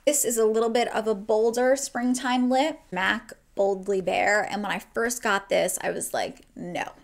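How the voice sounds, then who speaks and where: A woman's voice: on the high side, fairly even intonation, normal speed, creaky. A young woman from New Jersey chatting casually through a makeup tutorial at home, gushing and swearing casually. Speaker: beauty vlogger. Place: at home, indoors.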